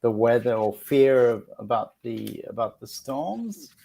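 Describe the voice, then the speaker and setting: Gravelly earnest man in casual talk. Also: mid-range voice, lively intonation, unhurried, mellow. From outside the United States. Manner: reflective, earnest, many restarts. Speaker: host. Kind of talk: casual spiritual chat.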